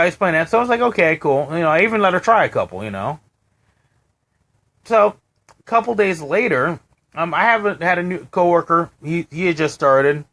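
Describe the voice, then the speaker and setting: A man co-hosting a casual live-stream chat, telling a story with lots of restarts and acted-out quotes. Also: a little high. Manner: animated storytelling, acting out quoted voices, many restarts. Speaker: co-host.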